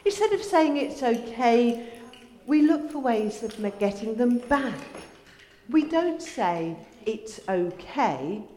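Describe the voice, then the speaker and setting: A woman leads a children's address in church, telling a story in a gentle way. Her voice is fairly high and swings up and down a lot, and she takes her time. The sound carries a long, roomy church-hall echo. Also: very animated, takes it slowly, a little hiss or hum. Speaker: children's talk leader. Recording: echoey hall with long reverb.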